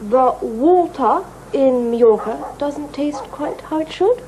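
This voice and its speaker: A prim, well-bred young lady in an old TV ad, her refined voice set high and swooping widely. Every word is enunciated with care. It comes from a vintage TV soundtrack, with a faint noise behind it. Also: very animated, measured pace, a little mellow, poor audio. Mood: earnest. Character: prim, posh young woman drilling a common phrase. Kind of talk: 1980s TV ad acting.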